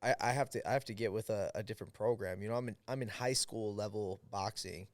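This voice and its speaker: Smooth-voiced American man telling a story. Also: lowish voice, quick pace, dry recording, clean studio sound. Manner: animated, quotes people in lively voices, many fillers. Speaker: podcast guest, fighter. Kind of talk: casual storytelling.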